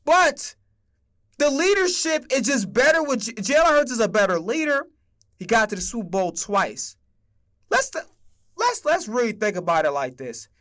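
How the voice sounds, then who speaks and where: A man's voice: very high voice, very animated, moderate pace, fairly bright tone. A young man streaming a casual sports rant, emphatic and profane as he argues his takes.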